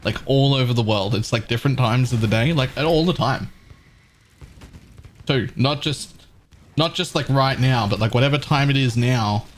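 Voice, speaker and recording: A man's voice: mid-range voice, brisk, few pauses, slight background noise. An Australian man streaming live, chatting with viewers in a rambling, sarcastic way and swearing casually.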